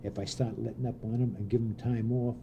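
An older man, a former pitching coach, telling anecdotes in an interview and voicing the people he quotes. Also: brisk, creaky, background noise. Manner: animated anecdotes with voiced quotes and laughs. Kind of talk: storytelling interview.

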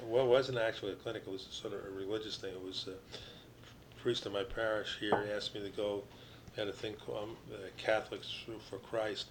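An older man from New Jersey, a retired baseball pitcher, telling rambling stories as an interview guest, full of restarts and you-knows. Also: fairly even intonation, a little fast, very noisy.

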